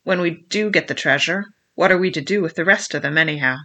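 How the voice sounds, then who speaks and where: An eager young sailor lad, put on by an audiobook reader, naive and keen. The tone is bright and forward in the audiobook telling. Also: medium pitch, fast talker. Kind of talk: audiobook reading.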